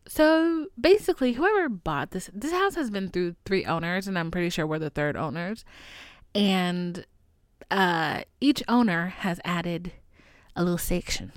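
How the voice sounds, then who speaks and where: A young woman hosting a podcast, telling a story casually and animatedly, with lots of swearing, and switching into a higher voice when she quotes people. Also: dry recording, clean studio sound. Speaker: podcast host.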